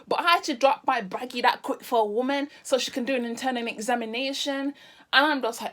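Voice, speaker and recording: A woman telling a casual storytime vlog, animated and exclamatory. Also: high-pitched, fast. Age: 30s. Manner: animated, exclamatory, drifts into Caribbean patois. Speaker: vlogger.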